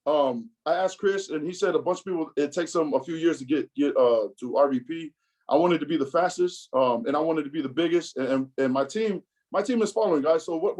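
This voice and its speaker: A man in his thirties giving an animated motivational talk, acting out quotes as he tells his story. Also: sits high, low-quality recording. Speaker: business speaker.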